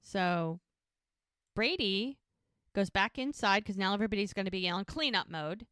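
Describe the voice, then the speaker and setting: A woman's voice: medium pitch, normal speed, smooth, no room sound, studio quality. Chatty woman retelling a TV episode. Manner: animated retelling, quoting characters with "he's like". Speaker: podcast co-host recapping a TV episode. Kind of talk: casual storytelling recap.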